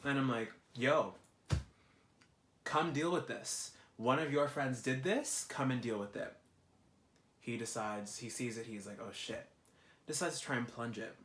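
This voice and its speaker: A young man, ranting in a vlog, animated and exasperated, swearing a lot. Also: medium pitch, measured pace, pauses often, slight background noise. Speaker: vlogger. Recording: roomy echo.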